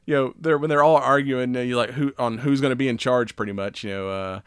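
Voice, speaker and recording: Man, podcast co-host, casual chat, laughs a lot, swears, rambling, mid pitch, dry close sound. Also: steady tone, quick pace, a bit bright, clean tone, dry recording.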